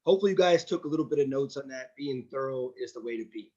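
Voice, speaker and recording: A man giving a brisk, upbeat, direct evaluation of an online speech-club meeting. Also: mid-range voice, expressive, warm tone, breathy edge. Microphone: video call. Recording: dull lo-fi video call audio.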